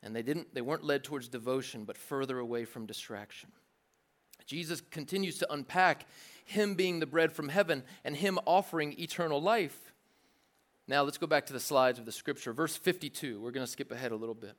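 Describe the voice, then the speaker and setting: A man preaching a sermon in a lively, joking way, acting out the voices of the crowd. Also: mid-range voice, brisk. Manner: animated, jokey preaching with acted-out crowd voices. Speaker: pastor.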